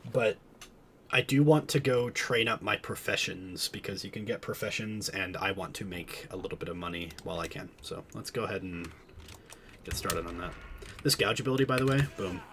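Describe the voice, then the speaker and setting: A man's voice: low voice, moderate pace, background noise. A man streaming a game, chatting casually and explaining the mechanics as he plays. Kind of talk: casual gameplay commentary.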